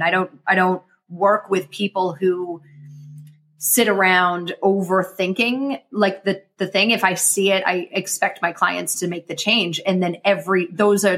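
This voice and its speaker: A woman talking as a guest in a casual interview, energetic and motivational as she explains her coaching. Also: fairly low pitch. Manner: energetic, motivational, quick bursts. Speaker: guest, emotional intelligence coach.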